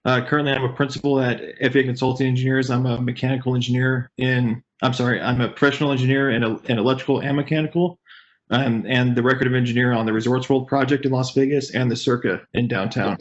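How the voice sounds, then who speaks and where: A man introducing himself on a video call, talking quickly and correcting himself as he goes. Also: medium pitch, steady tone. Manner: quick, halting, self-correcting. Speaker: consulting engineer. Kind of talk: casual self-introduction. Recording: muffled video call with faint noise.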